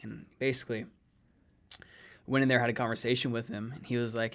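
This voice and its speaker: A man's voice: medium pitch, level tone, a little fast, pauses often, a bit bright. A young man from California, a real estate advisor, telling a story animatedly in a casual interview and acting out the quoted lines.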